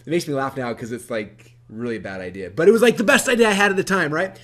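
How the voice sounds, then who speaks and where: A man presenting a webinar, telling his story to a live audience in a lively, animated way with many fillers. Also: medium pitch. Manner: energetic, animated, quick-talking with many fillers.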